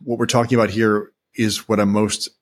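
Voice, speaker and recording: A man's voice: fairly low pitch, level tone, fairly quick. A man hosting an interview, talking enthusiastically and telling stories in long rambling sentences. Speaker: podcast host, former seminary teacher. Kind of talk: interview talk.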